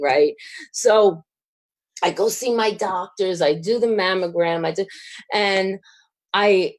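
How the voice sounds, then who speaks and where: A middle-aged woman, a guest telling a story in an interview, rambling with fillers and restarts and laughing as she gets excited. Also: mid-range voice. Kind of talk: casual storytelling.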